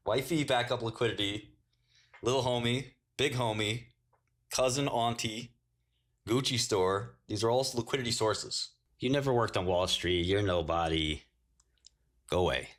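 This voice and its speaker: A man's voice: on the low side, unhurried, a bit bright. A man hosting a casual livestream, telling crude slangy stories and laughing often. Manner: slangy storytelling. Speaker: livestream host.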